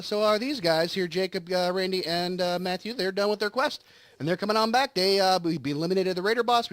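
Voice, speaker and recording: Man, game host, rambling casual chat, fairly high voice, dry recording, recovering from surgery. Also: fairly bright tone, no echo. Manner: rambling storytelling with acted quotes. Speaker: let's play host. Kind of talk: casual chat over gameplay.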